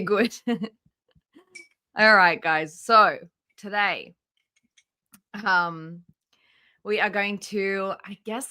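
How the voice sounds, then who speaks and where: Bright-voiced woman hosting a livestream. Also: mid-range voice. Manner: chatty, greets viewers by name, laughs often. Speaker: livestream host. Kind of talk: casual livestream commentary.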